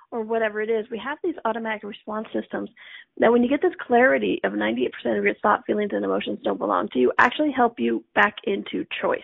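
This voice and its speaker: A woman's voice: a little high, fairly even intonation, quick pace, vocal fry, breathy edge, no echo. A middle-aged woman hosting a casual self-help talk, chatty and laughing often as she acts out inner voices. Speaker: host. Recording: tinny phone-like audio.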